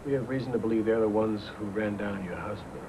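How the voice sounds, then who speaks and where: An actor playing a blunt, pushy American police detective questioning a witness. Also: male voice, on the low side, quick pace, natural voice. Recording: noisy old videotape broadcast.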